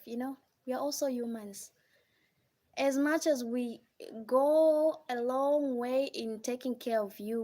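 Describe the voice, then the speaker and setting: Woman, Kenyan accent, high voice, live-stream advice, scolding, rhetorical questions. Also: mellow. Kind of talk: casual live-stream monologue.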